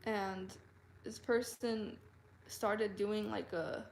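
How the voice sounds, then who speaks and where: A woman telling a personal story to camera in an earnest, halting way, full of fillers and restarts. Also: mid-range voice, fairly even intonation, vocal fry, a little mellow, slight background noise. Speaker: vlogger. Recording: roomy echo.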